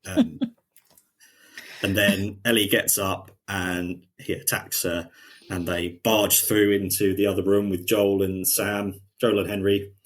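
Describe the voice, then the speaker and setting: A podcast co-host casually retells scenes from a show in a low, level voice, taking his time. When quoting characters, he shifts into a lighter voice.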